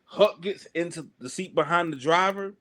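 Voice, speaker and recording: A man with a Southern US accent, a wrestler guest telling a road-trip story in an animated way and acting out other people's lines. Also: on the high side, normal speed. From Southern United States. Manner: lively, acts out other people's lines, heavy slang.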